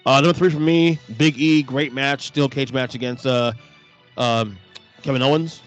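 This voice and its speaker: A man co-hosting a casual podcast, talking quickly with casual swearing and frequent restarts. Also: mid-range voice, fairly even intonation, faint music behind. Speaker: podcast co-host.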